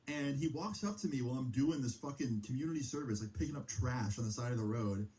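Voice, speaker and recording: A young man streaming, telling a story in a loose, profane casual style full of fillers, his pitch jumping up on exclamations. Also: fast talker, mellow, low-quality recording.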